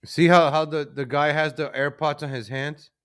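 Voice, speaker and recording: A man's voice: on the high side, fairly even intonation, normal speed, a bit bright, clear, resonant tone. Casual home streamer, male, chatty, loops phrases, desk mic. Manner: chatty, easily distracted, repeats himself. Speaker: livestream host. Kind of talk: casual live-stream chat. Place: home room at his computer. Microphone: desk microphone.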